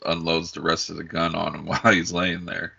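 Deep gravelly guy chiming in on a movie podcast, sharp edge, muffled lo-fi audio. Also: monotone, a little fast, dry recording. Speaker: podcast co-host. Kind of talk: casual movie chat. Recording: dull lo-fi sound.

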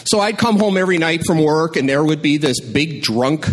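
A man telling a personal story at a live storytelling night, in a conversational, wry and deadpan way. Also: on the high side, normal speed.

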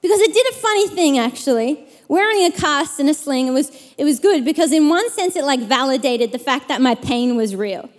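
A young adult woman preaching a sermon, reading scripture and telling a personal story in a lively, chatty way with many fillers. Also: high-pitched, fairly quick, few pauses. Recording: long hall reverb.

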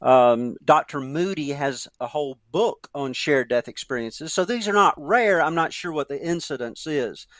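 A man's voice: a little high, expressive, normal speed, hardly any pauses, fairly bright tone, dry recording, studio quality. A man as a guest author, earnestly explaining his point with many ums and uhs. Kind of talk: conversational interview.

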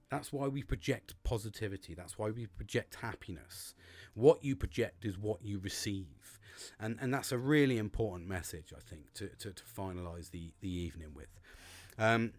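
A man's voice: fairly low pitch, big pitch swings, normal speed. A man hosting his own talk show, chatting casually and swearing a lot as he acts out his own thoughts. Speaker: podcast host. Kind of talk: casual monologue.

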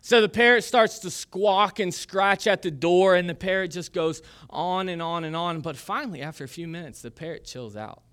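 A male pastor preaches a sermon, telling a story with casual jokes and asides. His voice sits a little high for a man, and his tone is conversational rather than formal. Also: moderate pace, few pauses, fairly bright tone, clean tone.

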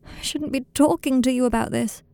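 Woman voicing a tearful young man, apologetic, gravelly, dark tone, dry sound. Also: mid-range voice, steady tone, brisk, no echo, natural voice. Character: anguished remorseful young man on phone.

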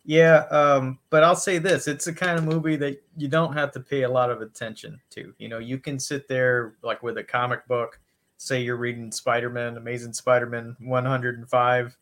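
A man's voice: medium pitch, flat delivery, moderate pace, a bit bright. A man co-hosting a casual podcast, recapping a comic issue in an easygoing, rambling way. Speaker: podcast co-host. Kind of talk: casual chat.

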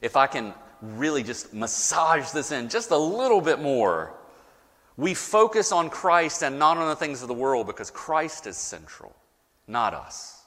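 A man preaching a sermon as pastor, with dramatic pauses and rising, emphatic repetition. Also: a little high, very animated, a bit bright, long reverb tail.

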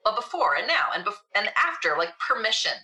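Bright-voiced woman hosting a reflective talk. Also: mid-range voice, sing-song, fairly quick, poor audio. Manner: thoughtful, searching for words. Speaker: podcast host. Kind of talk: reflective conversation.

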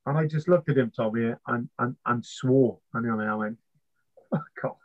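A British man, a navy veteran and interview guest, telling his story in an animated way, swearing freely and acting out past conversations. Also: mid-range voice, normal speed. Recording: slightly muffled lo-fi sound.

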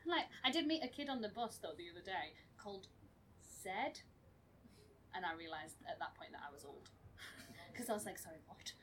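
A woman's voice: fairly low pitch, lively intonation, normal speed, pauses often, fairly bright tone, distant mic, slight background noise, rough recording. A young woman presenting a comic segment, chatty and self-mocking with frequent giggles. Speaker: panel presenter.

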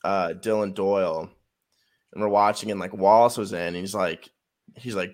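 Young male athlete guest, lowish voice, loose and rambling, filler-heavy, swears freely. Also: fairly even intonation, normal speed. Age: young adult. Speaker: college football player guest. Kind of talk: casual storytelling.

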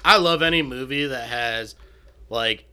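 Young male co-host, bright forceful voice, riffs loosely and swears freely. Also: medium pitch, measured pace, clear, resonant tone. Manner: animated, profane, acts out quotes for laughs. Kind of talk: casual chat.

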